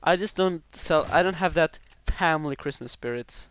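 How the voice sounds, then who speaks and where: Giggly young man, higher voice. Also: moderate pace, clear, resonant tone. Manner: giggly, blurts out swearing when excited. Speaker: gamer co-host. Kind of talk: casual gaming commentary.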